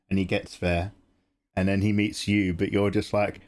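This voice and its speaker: A man's voice: low-pitched, little pitch movement, moderate pace, darkish tone. A sleepy young man chatting casually while drawing on a live stream, telling stories with frequent laughs and swearing. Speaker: art streamer.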